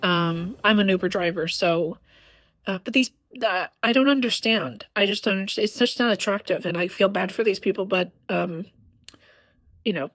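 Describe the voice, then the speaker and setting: A woman with a rough, strained voice speaks bluntly in a casual monologue at an ordinary pitch. She hesitates often, with ums and restarts. Faint music plays behind her. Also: normal speed, fairly bright tone, no room sound. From American South. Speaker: vlogger.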